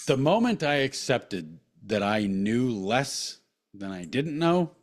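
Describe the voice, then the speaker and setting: A man in his thirties co-hosting a podcast, talking casually and swearing a lot as he tells rambling, animated stories. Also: mid-range voice, takes it slowly. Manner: profane, rambling, animated storytelling. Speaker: podcast co-host. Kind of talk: casual chat.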